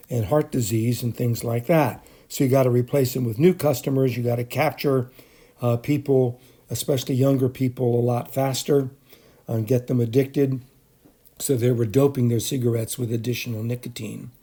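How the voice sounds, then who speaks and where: A man's voice: mid-range voice, dark tone. A middle-aged man giving a recorded chemistry lecture for a screencast, speaking off the cuff with frequent fillers and restarts. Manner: unscripted, many fillers and restarts. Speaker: chemistry teacher.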